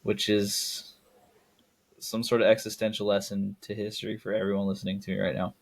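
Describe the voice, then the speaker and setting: A man's voice: fairly low pitch, completely flat delivery, fairly quick, vocal fry. A young man co-hosting a casual film podcast, rambling and correcting himself, laughing at his own jokes. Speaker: podcast co-host.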